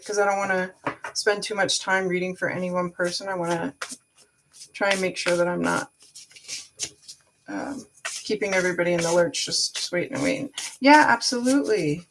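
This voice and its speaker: A woman's voice: mid-range voice, noisy background. A woman giving a live-stream tarot reading, chatty and frank, talking to her viewers by name. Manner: frank, swears casually. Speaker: tarot card reader.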